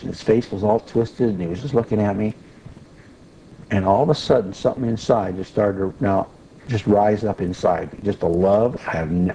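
A man's voice: lowish voice, a little hiss or hum, rough recording. Folksy man telling a teaching story. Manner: folksy, animated when retelling, restarts often. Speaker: Bible teacher.

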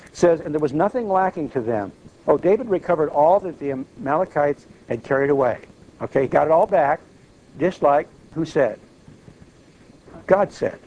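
Older male preacher, a bit high-pitched, folksy and emphatic storyteller, faint background hiss. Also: a little mellow, muffled recording. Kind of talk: sermon.

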